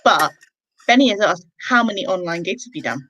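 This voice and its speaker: A woman co-hosting an interview over a video call, chatty and jokey, acting out quotes in a bright, sudden voice. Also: lively intonation, a little fast, slight background noise. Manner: chatty, jokey, acts out quotes with big pitch jumps. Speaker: co-host interviewer. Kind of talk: casual video-call chat. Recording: dull lo-fi video-call audio.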